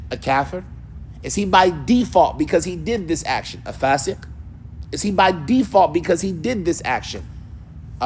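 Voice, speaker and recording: A man's voice: on the high side, slight background noise. A man teaching a class on a classical text, firing rhetorical questions at the group and answering them himself. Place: mosque hall.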